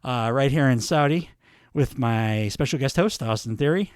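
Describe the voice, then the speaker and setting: A man's voice: mid-range voice, normal speed, clean tone, dry recording, clean studio sound, close to an everyday voice. A man voicing a cocky young male wrestler hosting a talk segment, partly trying an Australian accent.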